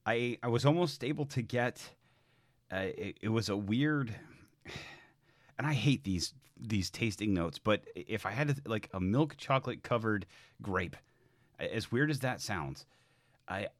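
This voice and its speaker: A relaxed man hosts a casual podcast chat, pausing and hedging as he hunts for words. His voice is recorded close and dry, with no room sound around it. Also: on the low side, no room sound. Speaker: podcast host.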